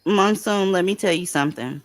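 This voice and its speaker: A woman's voice: lowish voice, a little fast, dry recording. A woman hosting a livestream, giving blunt, profane commentary and advice to her callers. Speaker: livestream host.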